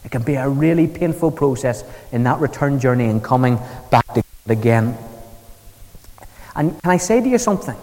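A man preaching a sermon with animated, storytelling delivery. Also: mid-range voice, moderate pace, big-room sound, poor audio.

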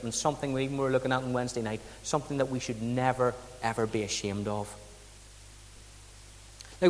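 A man's voice: on the high side, big-room sound. A man with an Irish accent, from the south of Ireland, preaching a sermon with chatty storytelling and rhetorical questions. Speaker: pastor.

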